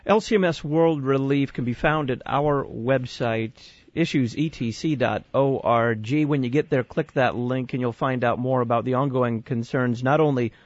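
Measured male radio host, dry sound. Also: medium pitch, no echo, highs cut off. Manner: measured, reads out contact details. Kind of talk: radio interview.

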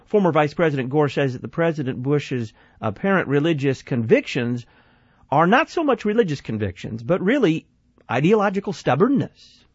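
A man's voice: on the high side, sing-song, normal speed, husky, no room sound. A man hosting a call-in radio show, questioning and commenting, repeating the phone number. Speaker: radio talk show host. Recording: dry, slightly dull studio sound.

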